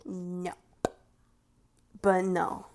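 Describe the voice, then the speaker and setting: A woman rambling casually at her own unhurried pace, gushing about what she loves. Her voice sits in a middle register, and now and then she trails off into a whisper. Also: lowish voice, completely flat delivery, darkish tone.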